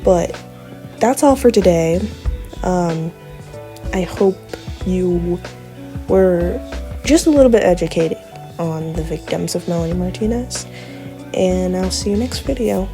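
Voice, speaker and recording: A woman giving a casual commentary vlog, talking in a halting, stuttering way with many fillers. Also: lowish voice, lively intonation, warm tone, faint music behind. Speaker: commentary YouTuber.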